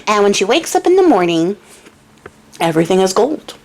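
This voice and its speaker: A woman's voice: medium pitch, big pitch swings, moderate pace, vocal fry. A young woman casually retelling a fairy tale for a craft channel, chatty and irreverent with lots of filler.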